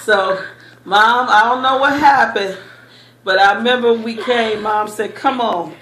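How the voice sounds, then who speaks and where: A woman recounting childhood memories in a lively storytelling manner, often laughing as she remembers. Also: on the high side, a little slow, reverberant, a little hiss or hum. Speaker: interviewee recalling childhood. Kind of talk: oral history storytelling.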